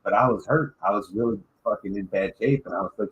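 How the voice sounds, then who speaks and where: The Michigan podcast host talks fast in a fairly low, slightly rough voice, delivering lively, swear-filled, wandering stories in casual conversation. Recording quality is low.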